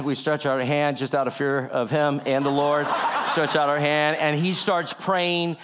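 A man giving a sermon-style testimony, telling a story animatedly and acting out the people in it with lowered voices. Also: fairly even intonation, measured pace. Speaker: speaker sharing a testimony.

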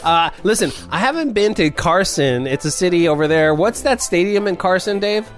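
Laid-back high-voiced male podcast co-host. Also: lively intonation, moderate pace, faint music behind. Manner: laid-back, riffs on the news, says dude a lot. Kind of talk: casual comedic chat.

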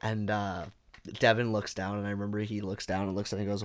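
A man telling a hunting story in casual chat, animated and acting out what people said. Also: lowish voice, brisk, no echo. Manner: animated storyteller, acts out quotes. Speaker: hunter telling a trip story.

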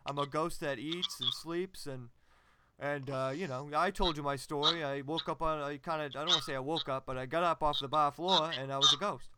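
A man's voice: a little high, fairly even intonation, a little fast, very noisy, lightly acted. A man doing a rambling self-proclaimed ghost. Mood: oblivious. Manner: rambling, boastful, oblivious. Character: dim man insisting he is a ghost. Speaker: podcast co-host in character.

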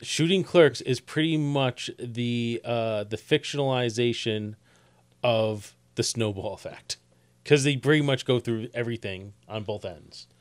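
A talkative man trades casual banter as a podcast co-host, laughing often along the way. His voice sits at an ordinary middle pitch for a man. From New Jersey. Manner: chatty, quick to laugh at his own jokes. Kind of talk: casual chat.

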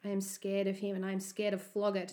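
A woman narrating a children's story aloud in the first person, with an expressive, anxious telling. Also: mid-range voice, fast.

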